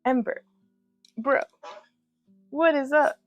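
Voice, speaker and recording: A woman's voice: sits high, takes it slowly, no room sound, faint music behind. A woman hosting a casual jewelry-making livestream from her home craft room, chatting with viewers, laughing often and cooing at her cat.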